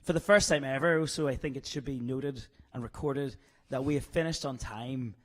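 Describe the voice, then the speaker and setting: A man's voice: mid-range voice, normal speed, fairly bright tone. A man with a Northern Irish accent chatting casually in an interview, jokey and self-deprecating, chuckling often. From Northern Ireland.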